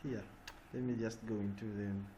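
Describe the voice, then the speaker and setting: A man's voice: fairly low pitch, steady tone, moderate pace, warm tone. Man teaching design over a noisy call. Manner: checks in often with "eh?" and "yeah?". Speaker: design trainer. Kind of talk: online class teaching. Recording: noisy online call audio.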